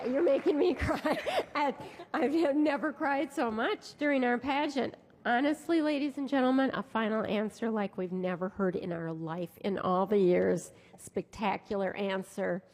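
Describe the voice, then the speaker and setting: A woman's voice: a little high, a little slow, hardly any pauses, some chatter behind, slight background noise. A woman emceeing a pageant live on stage, chatty and gushing, building playful suspense before announcing winners.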